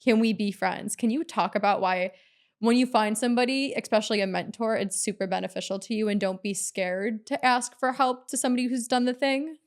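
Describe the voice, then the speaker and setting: A woman's voice: on the high side, fairly quick. A woman hosting an interview podcast, chatting casually with many filler words. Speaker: podcast host.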